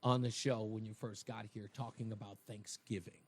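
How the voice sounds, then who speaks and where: A man hosting a talk radio show from a studio, bantering in an animated, joking way. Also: on the low side, moderate pace.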